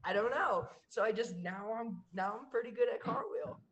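Excitable young man telling stories. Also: sits high, moderate pace, highs cut off. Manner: excitable, laughing storyteller with many fillers. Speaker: podcast co-host. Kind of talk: casual chat.

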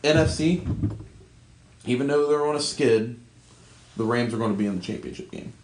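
A man's voice: medium pitch, moderate pace, a little mellow, roomy sound, low-quality recording. A man co-hosting a podcast, chatting casually about sports, joking, opinionated and swearing freely. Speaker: podcast co-host.

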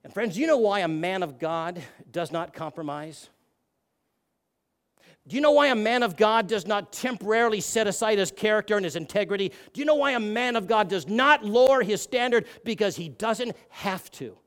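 A man preaching a sermon, firing rhetorical questions and swinging between hushed and loud delivery. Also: sits high, animated, normal speed.

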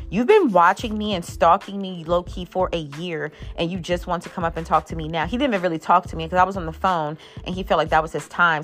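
A woman in her thirties ranting casually to camera, blunt and exasperated, swearing freely. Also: lowish voice. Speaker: vlogger.

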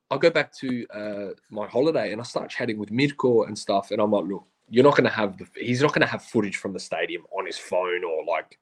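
Animated Australian man telling stories. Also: on the low side. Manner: animated, slangy, acts out quotes of others. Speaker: podcast guest. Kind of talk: casual storytelling.

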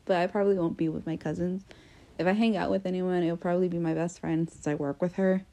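A woman's voice: lowish voice, fairly even intonation, quick pace, dark tone. A young American woman hosting a casual solo podcast, chatty and self-deprecating, full of fillers and restarts. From United States. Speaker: podcast host.

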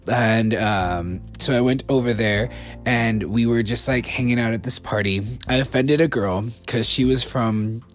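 A man's voice: mid-range voice, a little slow, soft background music. Rambling young American man telling stories. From United States. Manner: rambling, lots of fillers and restarts, laughs often. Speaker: storyteller. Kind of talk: casual storytelling to camera.

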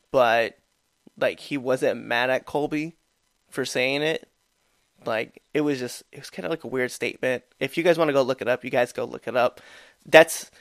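A man's voice: medium pitch, no echo, studio quality. A man co-hosting a casual sports podcast, talking loosely with many fillers and restarts. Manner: loose, rambling, lots of fillers. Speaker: podcast co-host. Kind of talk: casual chat.

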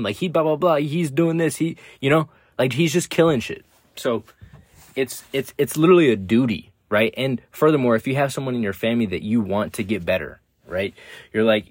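A man's voice: fairly low pitch, no echo, clean studio sound. A young man hosting a podcast, giving a blunt, profane motivational talk that keeps repeating its points. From United States. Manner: blunt, heavy swearing, repeats himself. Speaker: podcast host. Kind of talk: casual motivational monologue.

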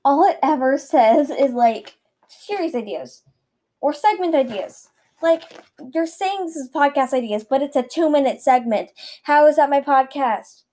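A woman's voice: high-pitched, animated, measured pace, warm tone. A teenage girl hosting a casual solo podcast from a bedroom, rambling and giggling self-consciously into a webcam mic set some distance away. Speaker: podcast host. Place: bedroom at home.

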